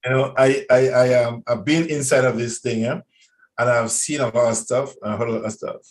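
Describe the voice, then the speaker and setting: A man's voice: mid-range voice, fairly even intonation, brisk, rough recording. Man, radio interview guest, earnest warning tone.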